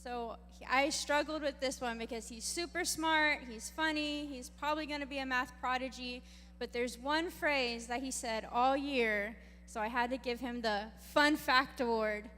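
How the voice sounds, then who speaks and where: A woman's voice: high voice, moderate pace, bright, forceful tone, slight background noise. A woman who teaches fifth and sixth grade presenting awards at a graduation, praising each student. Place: graduation ceremony hall. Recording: reverberant hall, faint crowd.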